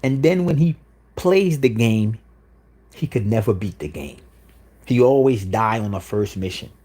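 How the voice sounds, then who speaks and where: A man's voice: fairly low pitch, lively intonation, a little slow, mellow. A man hosting a livestream, delivering an insistent, repetitive monologue with frequent "you know what I'm saying.". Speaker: livestream host.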